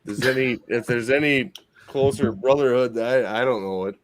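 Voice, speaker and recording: A man hosting a casual chat, relaxed and stumbling over words, swearing now and then. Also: medium pitch, normal speed, dry recording. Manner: laid-back, stammering, swears casually.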